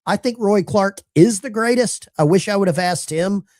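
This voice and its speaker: A man's voice: high-pitched, normal speed, a little mellow. A man from Alabama, hosting a call-in show and telling a rambling, folksy story. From Alabama, USA. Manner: rambling, folksy, with self-interruptions. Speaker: talk show host.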